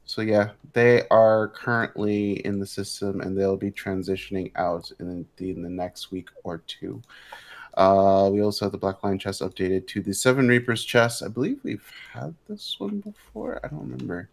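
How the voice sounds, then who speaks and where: Young dude, lowish voice, rambly, lots of um and uh, gaming podcast. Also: male voice, moderate pace, gravelly. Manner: rambling, full of fillers and self-corrections. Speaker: podcast co-host. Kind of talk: casual gaming chat.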